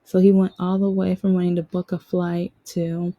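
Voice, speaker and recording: Woman podcaster, casual rambling monologue with restarts; low-ish, husky voice. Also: completely flat delivery, moderate pace, dry recording, phone-quality sound. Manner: rambling, with frequent restarts and quoted dialogue. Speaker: podcast host.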